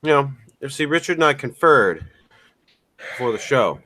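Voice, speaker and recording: A man's voice: mid-range voice, sing-song, normal speed, bright, forceful tone. A man hosting a casual podcast, bantering and teasing his co-hosts with sarcastic asides. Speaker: podcast host.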